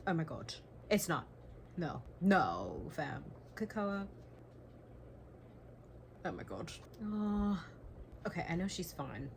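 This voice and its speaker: Young female book vlogger, lowish voice, excitable gushing reactions, swears and whispers, faint background hum. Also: slow pace, gravelly, long pauses. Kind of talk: casual reading vlog reactions.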